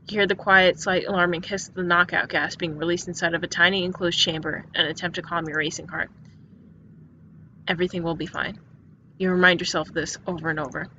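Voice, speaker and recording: A woman's voice: lowish voice, level tone, fast talker, pushed and bright, a little hiss or hum. A woman reading an interactive story game aloud in second person, stumbling and restarting words often. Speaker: narrator. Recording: dull lo-fi recording with faint music.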